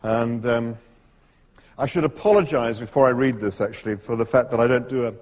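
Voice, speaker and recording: A man giving a talk to an audience with dry humor and a hesitant, halting delivery. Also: mid-range voice, darkish tone, dull audio. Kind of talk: live talk with a read-aloud passage. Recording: long hall reverb.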